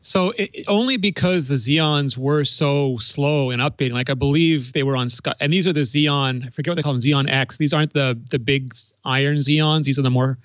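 A man's voice: mid-range voice, brisk, hardly any pauses, fairly bright tone, dry recording, lo-fi sound. A man commenting on a tech panel, enthusiastic and rambling, often correcting himself mid-sentence. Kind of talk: casual tech panel chat.

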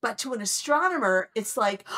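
A woman in her sixties, a planetary astronomer telling stories in a conversational interview, animated and acting out her excited reactions. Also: a little high, a little slow. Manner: animated storyteller who acts out her own excited reactions.

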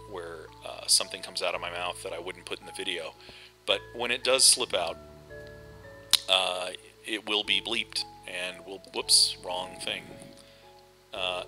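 The host, a middle-aged man, offers casual commentary over a game, wandering through his thoughts with frequent fillers and restarts. His voice is low and sharp in tone, on a low-quality recording.

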